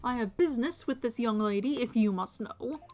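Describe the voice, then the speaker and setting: A woman voicing an overeager, self-righteous male police detective with a booming delivery, faint music behind. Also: normal speed, darkish tone, natural voice. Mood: zealous.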